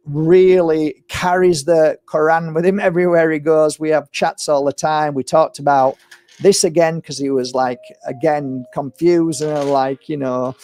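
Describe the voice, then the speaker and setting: A man's voice: a little high, a little mellow, no room sound. A man hosting a livestream, talking in a loose, rambling monologue that often turns into an impassioned rant. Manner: rambling and impassioned, given to ranting. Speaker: livestream host. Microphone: streaming setup mic.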